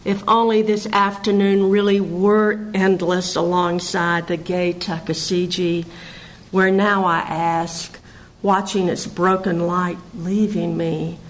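A woman poet reading her own poems aloud in a measured recitation, with hesitant, chatty asides between the pieces. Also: lowish voice, level tone, rough recording. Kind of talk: poetry reading.

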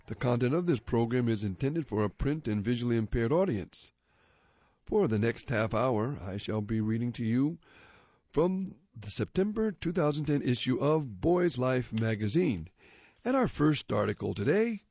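A man's voice: mid-range voice, lively intonation, moderate pace, darkish tone, slightly rough, no echo. A man reading a magazine aloud for a radio reading service, describing the pictures off the cuff in a casual way. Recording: muffled lo-fi recording.

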